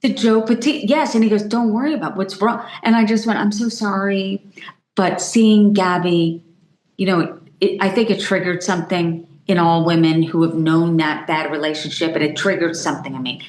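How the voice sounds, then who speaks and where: A middle-aged journalist, a guest on a conversational podcast interview, tells stories with animation and acts out the voices of the people she quotes. Her voice is on the low side at a moderate pace, and the recording is reverberant with a slight hiss or hum.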